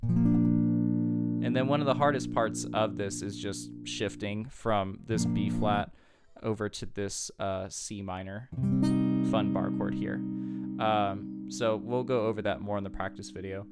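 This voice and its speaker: A man with a lowish voice talks through a guitar lesson in an easy, patient way. Loud guitar strumming plays under his voice throughout. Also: a little slow. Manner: relaxed, patient, counts beats aloud. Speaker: guitar teacher. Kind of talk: casual guitar tutorial. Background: guitar playing.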